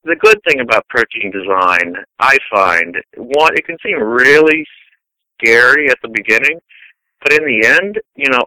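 A middle-aged man speaking as a scientist guest, his voice sharply bright and resonant, recorded dry and close. He tells long, rambling anecdotes in easy conversation, a touch low in pitch. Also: dry recording, rough recording. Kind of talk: casual conversational interview.

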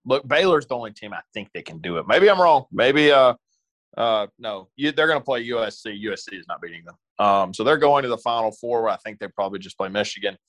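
A man with a fairly low voice talks sports on a casual podcast. His delivery is dry and matter-of-fact. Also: lively intonation, fast talker, a bit bright. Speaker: podcast co-host.

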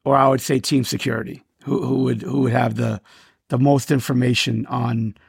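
Man, co-host, gravelly, husky, dry close sound, casual. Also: mid-range voice, fairly even intonation, normal speed, no echo. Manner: short reactions, brief considered answers. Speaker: podcast co-host. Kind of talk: casual chat.

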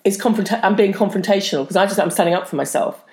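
Woman, blunt and direct, casual chat, rapid speech. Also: mid-range voice, darkish tone, roomy sound. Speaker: podcast co-host, actor.

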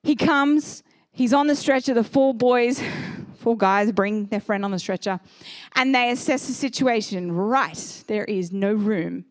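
A woman in her thirties preaching a sermon as a pastor, telling stories in an animated way and acting out the people in them. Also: a little high, measured pace, dry recording, clean studio sound. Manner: animated storyteller, acts out characters.

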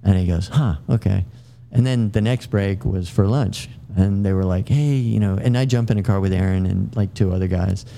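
Deep gravelly middle-aged guy rambling thru an old army story, lots of ums and restarts, dark heavy tone. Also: normal speed, hardly any pauses. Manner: rambling anecdotes with frequent fillers and restarts. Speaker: podcast guest, military veteran. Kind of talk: casual storytelling.

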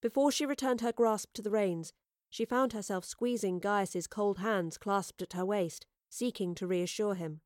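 Woman narrating a story, mid-pitched voice, steady and expressive, dry close sound. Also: unhurried, no room sound. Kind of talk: storybook reading.

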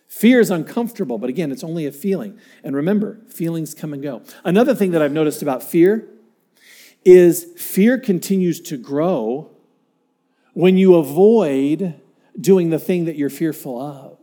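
A man preaching with a fairly high yet mellow voice. He is earnest and dynamic, sinking to near-whispers and then climbing to emphatic, drawn-out points. He tells stories and acts out what people said. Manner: dynamic, swinging from hushed to emphatic; earnest storytelling with acted-out quotes. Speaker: pastor. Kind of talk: sermon.

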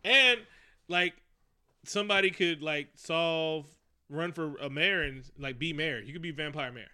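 A man co-hosting a podcast, talking casually and profanely about a movie, animated and laughing often. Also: a little high, unhurried, clear, resonant tone. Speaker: podcast co-host. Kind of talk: casual movie review chat.

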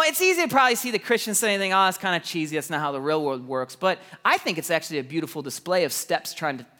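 A man in his thirties preaching a sermon, energetic and animated, telling stories with repeated words and laughs. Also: fairly high pitch, big-room sound. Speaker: pastor.

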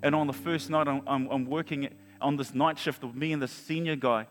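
A man in his forties preaching a sermon, telling a personal story in an animated way with chuckles and restarts. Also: medium pitch, brisk. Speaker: pastor. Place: large church hall. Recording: long hall reverb with faint guitar.

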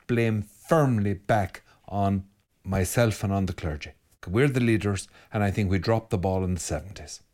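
An Irish priest talks straight to his listeners, reading out their comments and answering them frankly. His voice sits on the low side for a man. He speaks with animated emphasis and doesn't soften his opinions. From Ireland. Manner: blunt, animated, reads comments aloud then answers them.

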